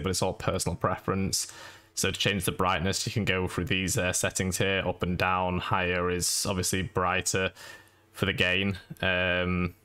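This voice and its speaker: A man giving a casual, monotone how-to voice-over for a game guide. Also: deep voice. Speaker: gaming YouTuber. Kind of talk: screen-recorded how-to voice-over.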